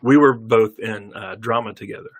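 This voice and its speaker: A man's voice: fairly low pitch, moderate pace, dry recording. A man hosting a casual chat, telling stories animatedly and laughing often. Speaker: host.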